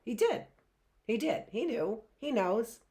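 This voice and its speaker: A woman's voice: a little high, big pitch swings, slow pace, warm tone. A middle-aged woman teaching a live online class in a chatty way, often checking in with "right?" and rhetorical questions.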